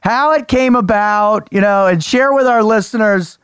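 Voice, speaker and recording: A man hosting a podcast, his voice high and smooth, tossing out eager, salty banter. The sound is dry and close. He keeps the tone casual as he asks his guest questions. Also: moderate pace, a bit bright, dry recording. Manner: enthusiastic, profane banter. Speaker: podcast host. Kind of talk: casual interview.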